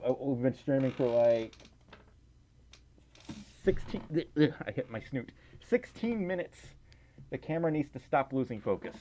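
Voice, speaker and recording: A man's voice: medium pitch, expressive, moderate pace, mellow. A man chatting casually on a livestream, rambling and self-deprecating with lots of fillers and laughs, tired and a little scratchy. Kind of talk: casual live stream chat.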